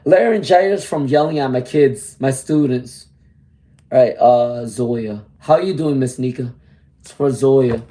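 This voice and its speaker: A man with a hoarse voice from laryngitis, giving a chatty live-stream tarot reading and greeting viewers by name. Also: medium pitch, measured pace, dark tone, a little hiss or hum. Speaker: tarot reader.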